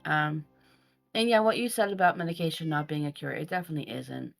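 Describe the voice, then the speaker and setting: A woman's voice: low voice, expressive, fast talker, vocal fry, faint music behind. A woman co-hosting a podcast, talking in a candid, earnest and reflective way with some hesitation. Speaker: podcast co-host. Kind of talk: candid casual chat.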